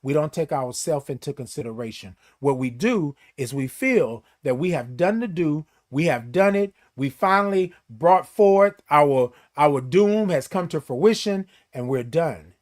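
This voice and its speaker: A man's voice: on the high side, lively intonation, measured pace, few pauses. Emphatic man preaching to viewers. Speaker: host. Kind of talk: casual morning livestream talk.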